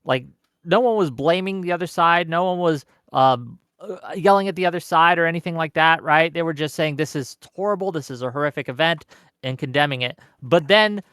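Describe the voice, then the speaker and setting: A man's voice: on the high side, a little fast, a bit bright, clear, resonant tone, no echo, clean studio sound. A man hosting a live streamed panel discussion, earnest and growing emphatic as he talks. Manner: earnest, grows passionate and emphatic.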